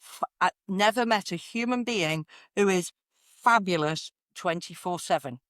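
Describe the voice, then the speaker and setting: A woman, a confidence coach talking in an energetic, conversational way and repeating phrases for emphasis. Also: on the low side, measured pace, no echo, studio quality. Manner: animated, repeats phrases, sings affirmations in varied inflections. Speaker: confidence coach, podcast guest.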